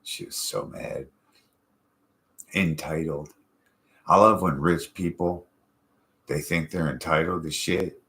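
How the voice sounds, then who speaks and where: A man with an exceptionally deep, low voice chats casually as a show host. He rambles from story to story, swearing freely and easily. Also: sharp tone. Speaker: podcast host. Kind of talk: casual chat.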